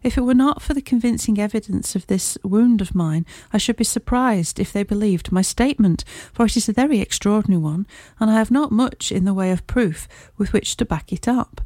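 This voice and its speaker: Woman reading a polite, agitated young male engineer; mellow tone, dry close read, audiobook. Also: mid-range voice, brisk, hardly any pauses, no room sound, lightly acted. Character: young male engineer, shaken but composed.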